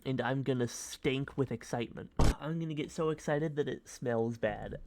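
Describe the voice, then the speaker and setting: A young man streaming a modded block-building game, rambling in goofy, silly commentary with sudden high yelps. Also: normal speed, few pauses, darkish tone, slight background noise. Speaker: gaming streamer. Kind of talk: casual gameplay commentary.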